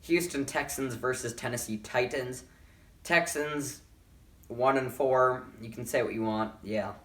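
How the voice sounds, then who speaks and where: A man's voice: mid-range voice, a little slow, fairly bright tone. Man, tired, yawning, rambling, casual football picks, echoey room, distant mic. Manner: tired, offhand, rambling with self-corrections. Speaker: sports picks vlogger. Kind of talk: casual picks and predictions talk. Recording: roomy, mic a bit far off.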